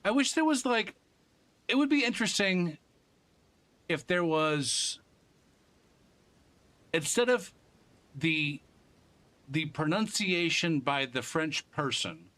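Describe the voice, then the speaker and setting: Bright-voiced rambling, cussing male streamer. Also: fairly high pitch, lively intonation, slow, long pauses. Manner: rambling and profane, with frequent restarts. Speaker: game streamer. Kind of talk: casual live-stream chat.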